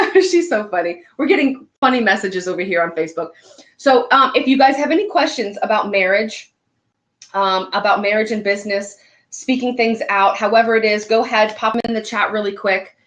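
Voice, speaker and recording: A woman's voice: medium pitch, moderate pace, a bit bright. Young woman chatting on a live stream from home, upbeat, lots of ums and uhs. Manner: chatty, upbeat, many fillers. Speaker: host. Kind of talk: casual live-stream chat.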